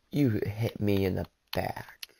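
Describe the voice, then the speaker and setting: Gravelly-voiced male gamer chatting to himself. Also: fairly low pitch, background noise. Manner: jokey, talks to himself while playing. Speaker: streamer. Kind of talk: casual gameplay commentary.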